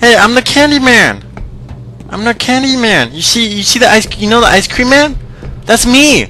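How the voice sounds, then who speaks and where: A man's voice: very high-pitched, big pitch swings, normal speed, bright, forceful tone, a little hiss or hum, pitched above the performer's own voice, full character voice. A man voicing a creepy candy man who coaxes a child with promises of ice cream. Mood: coaxing. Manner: coaxing, wheedling, sing-song.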